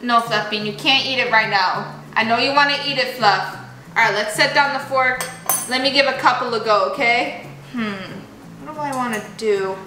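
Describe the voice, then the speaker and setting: A young adult woman narrates a playful vlog, chatting animatedly both to her toy llamas and to viewers. Her voice is fairly high at a moderate pace, with a roomy sound and faint music behind.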